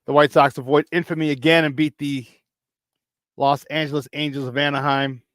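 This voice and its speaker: A man from hosting a casual morning sports talk show, rambling and excitable, breaking into laughs. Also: on the high side, moderate pace, no echo, studio quality.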